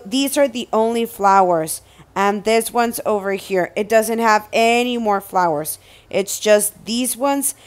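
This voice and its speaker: A young woman vlogging an unboxing, excitable, exclaiming and repeating herself as she looks at each item. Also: fairly high pitch, smooth. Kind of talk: casual unboxing vlog.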